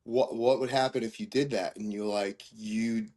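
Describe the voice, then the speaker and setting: A man co-hosting a podcast who talks in a relaxed, conversational way and tells stories with plenty of fillers. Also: on the low side, normal speed. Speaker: podcast co-host. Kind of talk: casual chat.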